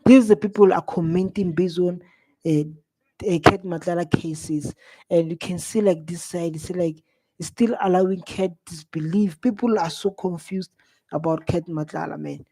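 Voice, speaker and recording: A man's voice: high voice, steady tone, normal speed, dark tone. A South African man hosting a live reaction video, exclaiming and scolding with a lot of repetition.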